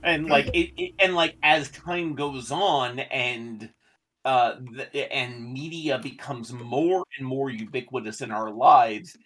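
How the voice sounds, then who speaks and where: A man in a casual discussion, arguing his point insistently in quick bursts. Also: mid-range voice, fairly bright tone, a little hiss or hum.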